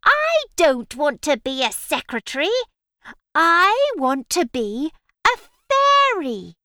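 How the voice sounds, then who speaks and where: A woman's voice: high-pitched, huge pitch swings, slow pace, sharp tone, no echo, studio quality, pitched above the performer's own voice, heavily acted. A woman playing a whiny, wishful witch. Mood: pleading. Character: grumpy female witch longing to be a fairy. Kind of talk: children's storybook reading.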